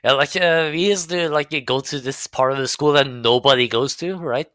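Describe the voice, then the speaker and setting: Young guy on a podcast, lots of uh and like, bright voice, dry mic. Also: mid-range voice, moderate pace, clear, resonant tone, no room sound. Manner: hesitant, many fillers, laughs at his own stories. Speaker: podcast guest. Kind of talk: casual chat.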